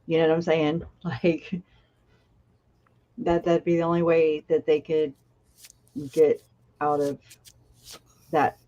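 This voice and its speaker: Low, slow-talking woman chatting. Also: flat delivery, warm tone. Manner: halting, laughs often, self-interrupting. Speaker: co-host of a true-crime live chat. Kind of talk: casual conversational chat. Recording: muffled lo-fi audio.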